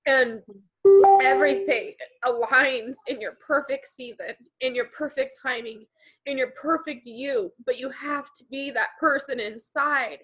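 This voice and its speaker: A woman's voice: high voice, fairly even intonation, a little slow, bright, forceful tone, slightly rough, rough recording. A woman leading her team in an impassioned, teary motivational talk, repeating phrases for emphasis. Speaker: team leader.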